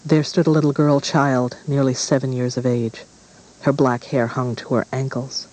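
A man reads a gothic fairy tale aloud in a measured, dramatic manner. His voice sits at an ordinary middle pitch. He shapes each sentence for the story. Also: level tone, a little mellow, rough recording. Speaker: narrator. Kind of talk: storybook narration.

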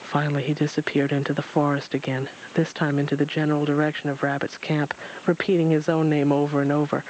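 A man reads a children's story aloud in a fairly high voice, steady and unhurried, now and then stumbling on a word. Faint hiss sits under the reading. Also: low-quality recording. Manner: steady reading with occasional slips.

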